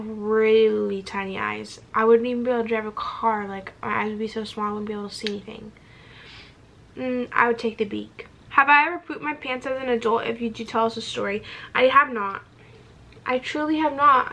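Young woman, slightly high voice, casual candid chat at home, swears and laughs freely. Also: bright, forceful tone. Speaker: beauty vlogger. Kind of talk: casual chat while doing makeup.

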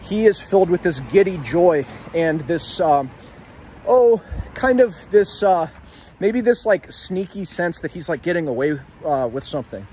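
A man's voice: sits high, animated, measured pace, a little mellow, slight background noise. Man talking books while walking outside. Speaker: literature video host. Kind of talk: casual literary discussion vlog. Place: outdoors on a street.

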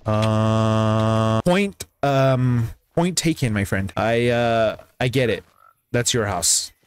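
A man streaming a game, talking casually and reacting with excited exclamations and sudden high yelps. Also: slow, slight background noise. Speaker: gaming streamer. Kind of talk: casual gameplay commentary. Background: background music.

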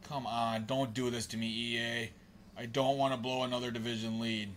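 Bright-voiced, cursing male streamer. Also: mid-range voice, level tone, moderate pace, a little hiss or hum. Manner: frustrated, profane, grumbling at the game. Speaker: live streamer. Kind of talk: live gameplay commentary.

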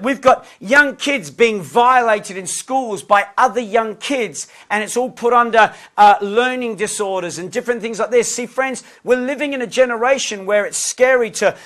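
A man preacher teaching a lesson, telling lively stories with conversational asides to his listeners. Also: high voice. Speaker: preacher and lecturer. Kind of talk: lesson with humorous storytelling.

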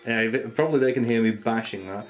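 A man's voice: fairly low pitch, quick pace, faint music behind. A man hosting a casual video game session with friends, chatty and jokey, often laughing. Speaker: host. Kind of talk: casual chat while playing a video game.

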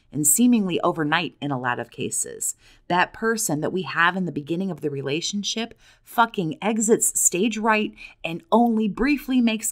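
Woman, survivor coach, lowish voice, blunt, swears freely, pointed questions. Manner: blunt, profane, challenging questions. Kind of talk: direct-to-camera monologue.

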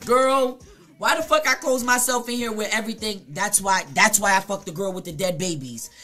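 A woman live streamer telling a blunt, profane story to her chat at home, her voice swinging between hushed and loud. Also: medium pitch, normal speed, faint music behind. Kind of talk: casual confessional storytelling to chat.

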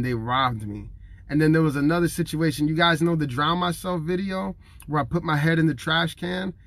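A man in his thirties preaching to camera in an earnest, conversational way, emotional and near tears. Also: a little high. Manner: earnest and conversational, acting out what others say; emotional, fighting back tears.

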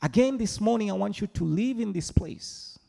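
Animated preacher in a reverberant hall. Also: male voice, high voice, moderate pace, gravelly. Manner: animated preaching, mimics congregation voices. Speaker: pastor. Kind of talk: sermon. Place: large church hall.

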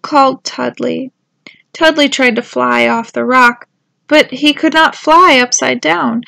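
A woman gently and expressively reading a children's storybook aloud. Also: a little high, creaky, no echo, low-quality recording. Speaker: storybook reader.

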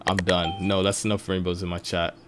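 A young man of about eighteen streaming a game live, chatting with viewers and swinging from low mumbles to loud outbursts. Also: little pitch movement, brisk, background noise. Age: young adult, about 18.

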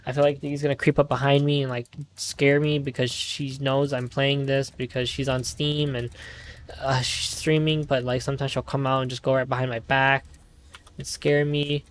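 A man's voice: medium pitch, little pitch movement, moderate pace. A man streaming a game live, commenting nervously as he plays, rambling and often swearing.

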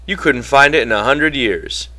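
A man voicing a guarded ranch worker in rough, plain rural speech. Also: mid-range voice, lively intonation, moderate pace, bright, forceful tone, pitched above the performer's own voice. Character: wary dreaming male ranch worker, guarded.

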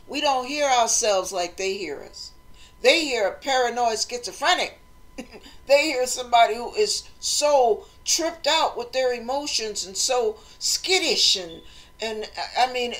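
Woman host, motivational talk, slightly high voice, animated delivery that acts out voices. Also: a little slow. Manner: animated, acts out quoted voices, conversational preaching.

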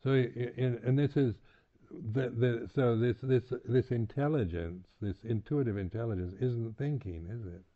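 A man giving a reflective dharma talk as a meditation teacher on retreat, halting, with many restarts and repeated words, and soft chuckles between points. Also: mid-range voice. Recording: tinny, phone-like lo-fi recording.

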